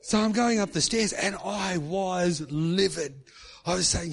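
Unhurried and slightly rough, with vocal fry in his high voice, a middle-aged pastor relates a personal story from the pulpit. His delivery is chatty, and he likes to finish his remarks with a questioning "hey".

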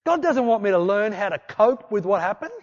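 A man preaching a sermon, exhorting with repeated refrains and swinging between loud bursts and hushed passages. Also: sits high, sing-song, a little fast, highs cut off. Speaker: pastor.

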